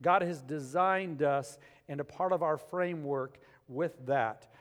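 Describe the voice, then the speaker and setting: A man with a high voice preaches a sermon to his congregation, animated and dramatic, swinging between loud emphasis and hushed moments. The sound rings with the long reverb of a church sanctuary. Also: measured pace. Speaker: pastor.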